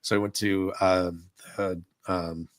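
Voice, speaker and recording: Lower-voiced middle-aged man telling a story. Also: takes it slowly, no echo. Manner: animated retelling, acting out dialogue. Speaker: podcast co-host telling a park story. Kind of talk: casual storytelling on a live podcast.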